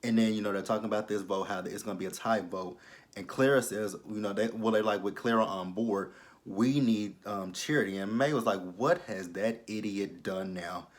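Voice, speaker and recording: A fairly low-pitched man talks through a TV episode in casual recap commentary. He is sassy and blunt, and he swears freely. He swings from loud, animated outbursts to quiet, muttered asides. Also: fairly quick. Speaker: TV episode reviewer.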